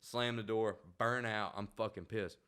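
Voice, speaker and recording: A young man telling a wild story in casual, profane, animated chat. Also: on the low side, unhurried.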